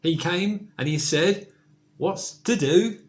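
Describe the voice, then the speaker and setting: A man's voice: high voice, slow pace. A man reciting a comic verse monologue as a birthday tribute, with hesitant asides in between.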